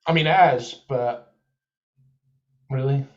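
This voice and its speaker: A man's voice: medium pitch, takes it slowly, lo-fi sound. A man co-hosting a podcast, chatting about football and thinking aloud with examples. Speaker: podcast co-host. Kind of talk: live football watchalong chat.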